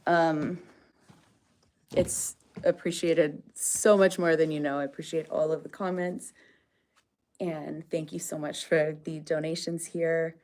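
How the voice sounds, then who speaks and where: Slow-talking woman hosting a farm livestream. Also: low-pitched, fairly even intonation, a little mellow. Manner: chatty, coaxing animals in a sing-song. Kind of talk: casual livestream chat.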